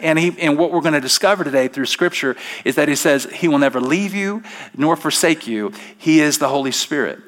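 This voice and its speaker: A man's voice: a little high, a little fast, a bit bright. A middle-aged male pastor preaching a sermon from a church stage, emphatic and full of rhetorical questions.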